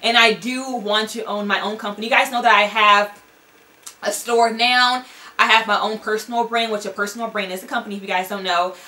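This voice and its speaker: A woman's voice: medium pitch, fairly even intonation, brisk, sharp tone. A young woman vlogger chatting candidly to camera in a casual, rambling way, full of likes and ums.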